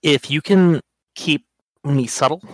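A man's voice: on the high side, dry recording. Dry-voiced man scheming at a tabletop game. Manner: deliberate, scheming. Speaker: player.

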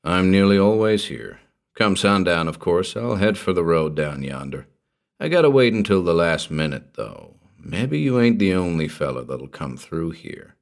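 A man voicing a superstitious old backwoods hermit, in a slow rustic drawl that keeps dropping to a hushed, ominous tone. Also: deep voice, sing-song, creaky, full character voice.

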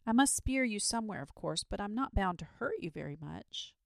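A woman's voice: medium pitch, animated, fairly quick, creaky, dry recording, clean studio sound, pitched above the performer's own voice. A woman voicing an earnest, persuasive knight in a children's storybook, speaking patiently and reasonably.

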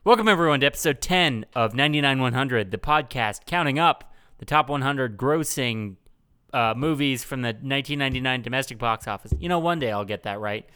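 A man's voice: mid-range voice, brisk, pushed and bright, clean tone. A young man hosting a casual comedy podcast, joking and self-mocking and often laughing. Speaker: podcast host.

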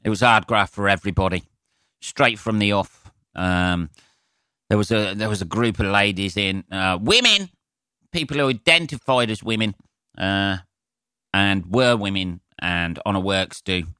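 A man's voice: fairly low pitch, measured pace, pushed and bright, clear, resonant tone, no room sound, clean studio sound. A man from England, a comedian, rambling through a casual solo podcast, swearing freely and poking fun at himself. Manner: sweary, rambling, self-mocking.

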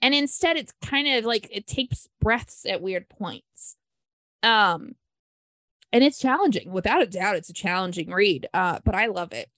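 A woman's voice: mid-range voice, measured pace, fairly bright tone, no room sound. A woman hosting a book club podcast, chatting enthusiastically with lots of fillers. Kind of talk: casual book discussion.

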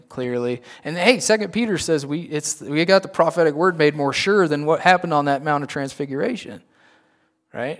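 A man preaching a sermon in a conversational style, often checking in with the listeners with quick asides. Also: mid-range voice. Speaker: pastor.

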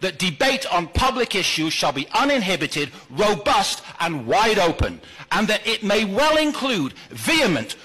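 A man with a British accent giving a forceful, defiant public speech at a school board meeting, lecturing the officials. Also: sits high, big pitch swings, moderate pace, breathy edge.

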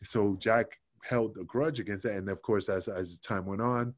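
A man's voice: lowish voice, moderate pace, no room sound, studio quality. A man casually telling a backstage story, acting out other people's lines with cursing. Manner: animated, acts out quotes with cursing. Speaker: podcast guest.

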